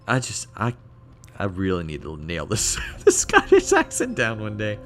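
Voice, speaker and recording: A man's voice: fairly low pitch, huge pitch swings, normal speed, faint music behind. A man streaming a game, making self-deprecating asides about his voices. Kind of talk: casual game commentary.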